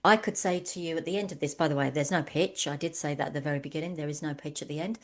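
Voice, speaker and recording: A woman's voice: sits low, steady tone, fast talker. A woman, an online business coach, giving a conversational webinar talk full of anecdotes and frequent ums. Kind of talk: webinar presentation.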